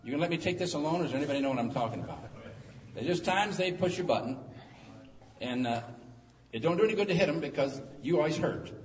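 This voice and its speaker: Middle-aged preacher guy, folksy and jokey, fairly high voice, big echoey church, mic kinda far off. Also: quick pace. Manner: folksy, joking, animated storytelling. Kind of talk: sermon. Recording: echoey hall, distant mic, faint noise.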